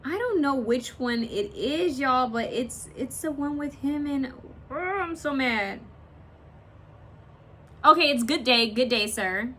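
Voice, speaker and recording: A woman's voice: sits high, animated, slow, a bit bright, slight background noise. Chatty woman giving a casual card reading. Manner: chatty and rambling, searching aloud for words; swears and laughs casually while talking. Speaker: tarot card reader. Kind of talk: casual pick-a-picture reading.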